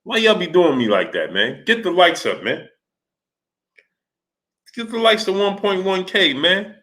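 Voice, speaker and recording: A man's voice: sits high, big pitch swings, measured pace, fairly bright tone. A man hosting a casual livestream, reading out viewers' comments in a slangy manner and calling them "brother". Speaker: livestream host. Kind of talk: casual live-stream chat.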